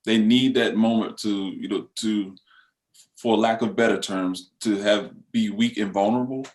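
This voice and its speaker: Male panelist, lower voice, thoughtful, stop-start delivery. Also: fairly even intonation. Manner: thoughtful, halting with many fillers. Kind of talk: panel discussion.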